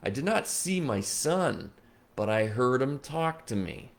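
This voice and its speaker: A man hosting a late-night livestream as a psychic medium, reading viewer comments at his computer, moving between soft, slow reflection and excited chatter. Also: mid-range voice, creaky. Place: indoors at a computer.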